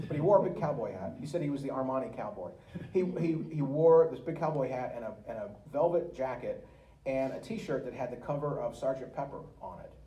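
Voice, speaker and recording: Male guest speaker, lively storyteller, roomy room sound with faint background noise. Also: mid-range voice, distant mic. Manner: lively, laughing storyteller who acts out quotes. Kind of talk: anecdotal storytelling to an audience. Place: museum meeting room.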